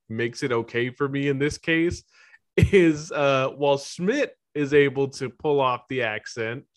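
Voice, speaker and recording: A man co-hosting a casual movie review chat, rambling with lots of "like" and easy laughter. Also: mid-range voice. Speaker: podcast co-host.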